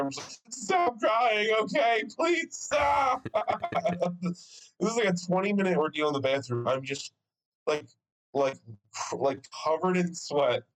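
A man's voice: fairly high pitch, poor audio. A young man co-hosting a podcast, telling a story in casual chat with swearing and frequent laughs. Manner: animated, swearing, laughs often. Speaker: podcast co-host.

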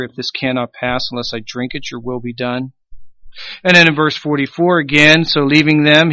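A man preaching a sermon with emphasis, swelling on key phrases and dropping low at the ends. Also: pushed and bright, no echo, dull audio. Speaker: pastor.

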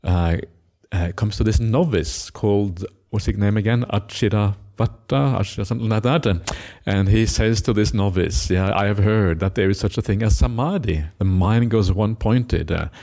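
A monk giving a Buddhist dharma talk, retelling a scripture story with many "uh" fillers and acted-out quotes. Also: male voice, fairly low pitch, moderate pace, vocal fry, few pauses, mellow.

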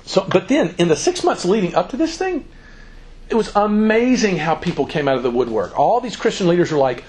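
A man's voice: sits high, brisk. A man giving an informal, joking talk to students as a campus minister, acting out quoted voices. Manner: animated, joking, acts out quotes.

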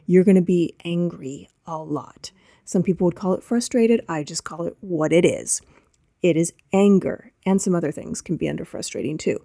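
A woman hosting a solo podcast as a coach, talking straight to the listener in an animated way. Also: lowish voice, no room sound, clean studio sound. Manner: animated, speaks directly to the listener.

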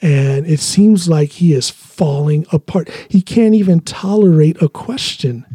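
A man's voice: on the high side, measured pace, mellow, husky, no echo. A man hosting a podcast, talking casually and earnestly, repeating his phrases as he makes his point. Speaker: podcast host. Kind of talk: casual chat.

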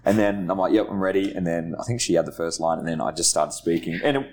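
Laid-back man, low voice. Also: quick pace, a little mellow. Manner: laughing, self-deprecating, swears casually. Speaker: podcast co-host. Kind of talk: casual storytelling chat. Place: studio.

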